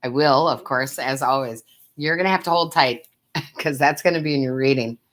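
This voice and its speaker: This tarot reader and medium, a woman with a bass voice, speaks at normal speed while doing readings on a live stream. Frequent laughter fills her chat with viewers, whom she calls sweetheart and love.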